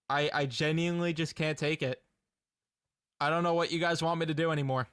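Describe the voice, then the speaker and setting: A man's voice: fairly high pitch, fairly even intonation, brisk, fairly bright tone, smooth. A young man ranting in a casual fan reaction video, exasperated and laughing in disbelief.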